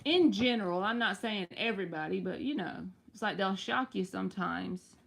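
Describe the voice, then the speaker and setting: A woman's voice: medium pitch, lively intonation, moderate pace, creaky, a bit bright, a little hiss or hum. A woman hosting a live tarot reading, talking in a chatty, reassuring way with playful slang.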